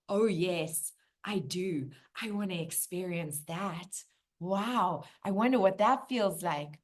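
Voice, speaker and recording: A woman's voice: fairly low pitch, slow pace. A woman voicing an eager little female soul who squeals and gasps with delight. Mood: wondering. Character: eager newborn female soul, giddy and wide-eyed.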